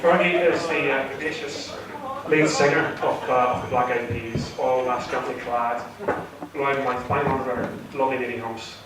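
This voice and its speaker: A man's voice: medium pitch, fairly even intonation, moderate pace, a crowd in the background. A man doing his first stand-up comedy set, nervous and rambling, full of fillers and restarts. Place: theatre stage with a live audience. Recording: echoey hall recorded from far off.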